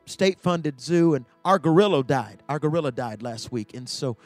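Preacher voicing an eager zookeeper. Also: male voice, a little high, animated, normal speed, faint music behind, voice pushed down, close to an everyday voice. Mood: persuasive. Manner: eager, persuasive. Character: upbeat male zookeeper pitching a job. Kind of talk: sermon.

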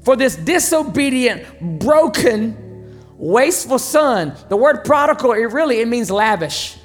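Preacher, sermon, casual real-talk delivery, emphatic, soft music underneath. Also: mid-range voice, very animated, a little slow. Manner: conversational and emphatic, with sudden swings in volume.

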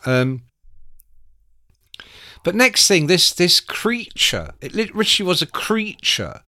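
A man's voice: high-pitched, slow pace. A man in his sixties telling a long anecdote as an interview guest, acting out quotes with lots of swearing. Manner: animated anecdotal storyteller, acts out quotes, sweary. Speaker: music writer guest. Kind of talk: casual storytelling.

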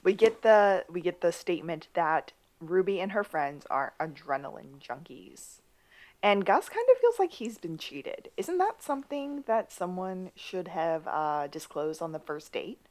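A woman co-hosting a casual podcast recap of a TV episode, moving between high excited bursts and low asides. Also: measured pace. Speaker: podcast co-host.

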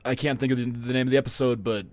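A man co-hosting a podcast in casual chat, animated and swearing, slipping into mocking voices. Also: rapid-fire. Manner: animated, swearing, mimics customers in a high voice. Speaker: podcast co-host.

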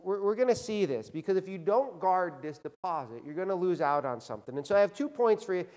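A man's voice: high voice, expressive, fast talker, darkish tone. A man preaching a sermon in a church, telling a folksy story and often checking in with "right?". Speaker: pastor. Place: church sanctuary. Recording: long hall reverb.

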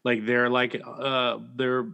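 A man's voice: mid-range voice, flat delivery, slow pace, vocal fry, pushed and bright, clear, resonant tone. A man co-hosting a casual podcast, playful and easygoing. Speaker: podcast co-host. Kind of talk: casual chat.

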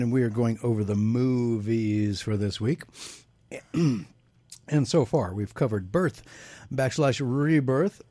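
A man's voice: mid-range voice, takes it slowly, warm tone, no echo, faint music behind. A man hosting a pop culture radio show, chatting casually and joking as he runs a movie review panel. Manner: jokey, rambling, laughs often. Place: radio studio.

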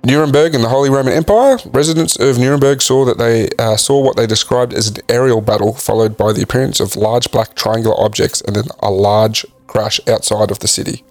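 A man co-hosting a casual podcast, reading facts from a list in a halting way with frequent ums. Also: medium pitch, dry recording. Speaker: podcast co-host. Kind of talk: casual chat.

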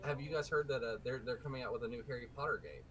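A man's voice: medium pitch, fairly even intonation, rapid-fire, crowd noise, rough recording. A man from the American South, hosting a casual gaming podcast, talking animatedly and digressing with frequent restarts. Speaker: podcast host. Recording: faint background noise.

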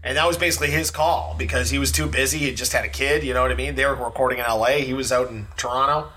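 A man co-hosting a casual music podcast, chatty and animated, with plenty of fillers and restarts. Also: medium pitch, fast. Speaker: podcast co-host.

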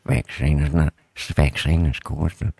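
Kiwi co-host in his sixties, very deep voice, blunt deadpan interjections, dry studio. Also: normal speed, vocal fry, breathy edge, no room sound. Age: 60s. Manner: blunt, deadpan one-liners. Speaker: radio co-host. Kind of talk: casual radio banter.

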